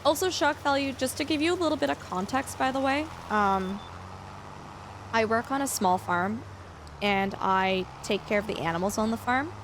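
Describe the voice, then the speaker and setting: A woman plays a farming game on a live stream, chatting loosely with viewers and rambling through plenty of fillers as she answers chat. Her voice is on the high side and expressive, at a normal speed, with a little hiss or hum in the audio.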